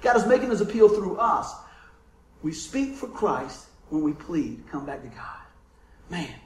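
A man preaching a sermon, telling stories in a lively way and calling out for amens from his congregation. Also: high-pitched, a little slow, a little hiss or hum. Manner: lively storytelling, calls for amens. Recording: roomy echo.

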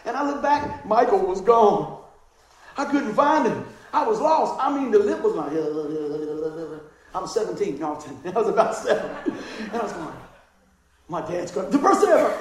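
A middle-aged man, a pastor, preaching a sermon and telling a childhood story, animated and laughing, with voices for the people in it. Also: very high-pitched, moderate pace. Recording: very echoey hall.

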